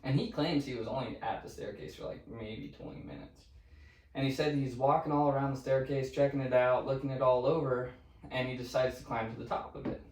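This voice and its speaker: Dude telling creepy stories on a podcast, swears a lot, sounds far off in an echoey room. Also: male voice, medium pitch, a little fast. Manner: profane, animated storyteller. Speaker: podcast co-host. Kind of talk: casual storytelling chat. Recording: roomy, distant mic.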